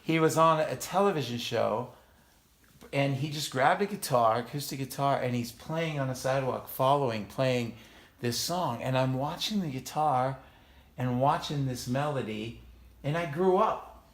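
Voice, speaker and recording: Man with gravelly voice, halting speech. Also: medium pitch. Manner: halting, searching for words with many ums. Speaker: musician. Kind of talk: casual chat. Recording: echoey room.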